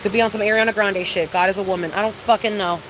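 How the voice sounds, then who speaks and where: Talking quickly at a medium pitch with fairly even intonation, a young female livestreamer opens up to her viewers with background noise audible. She's emphatic and confessional, full of swearing, and says things again and again.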